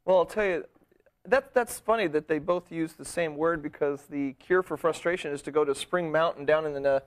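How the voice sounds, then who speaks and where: A man's voice: on the high side, moderate pace. A man from Arizona hosting a casual late-night talk show, joking bawdily with his co-host. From Arizona, USA. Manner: animated, joking, bawdy. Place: studio.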